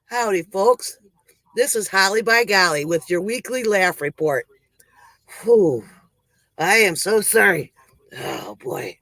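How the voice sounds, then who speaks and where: Male performer as a rambling, breathless country-woman comic host; high voice, slow, dry close sound. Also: animated, pushed and bright, dry recording, heavily acted, rough recording. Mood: folksy. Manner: rambling, sighing between jokes. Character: folksy joke-telling country woman host. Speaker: comedy show host. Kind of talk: comic monologue.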